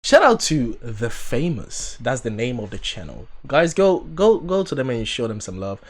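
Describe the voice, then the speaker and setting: A man's voice: mid-range voice, sing-song, moderate pace, soft background music. A man hosting a reaction channel, giving casual, chatty commentary straight to his viewers.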